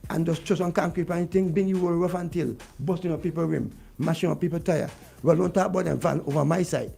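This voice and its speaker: A man's voice: a little high, fairly even intonation, fast talker, vocal fry, warm tone, faint music behind. A man with a Vincentian accent, talking heatedly about politics on a radio show and repeating his points. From Saint Vincent. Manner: vexed, ranting, repeats points. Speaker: radio guest.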